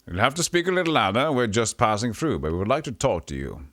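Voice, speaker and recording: An eager young adventurer, as a man puts him on, raising his voice a little higher in an earnest, polite way. The sound is dry and close to the mic. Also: sing-song, fast, a little mellow, no room sound, heavily acted.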